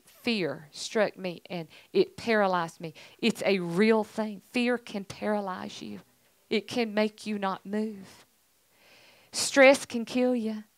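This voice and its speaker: A woman's voice: medium pitch, no echo, rough recording. A middle-aged woman giving an earnest, emphatic church testimony, repeating herself for weight. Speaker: church speaker, pastor's family.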